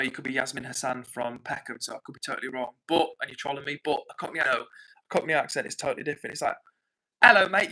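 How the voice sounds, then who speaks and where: A man's voice: medium pitch, a bit bright, poor audio. A man hosting a casual livestream, reading viewer comments aloud and chatting back in a rambling, apologetic way. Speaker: livestream host. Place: home in the north of England.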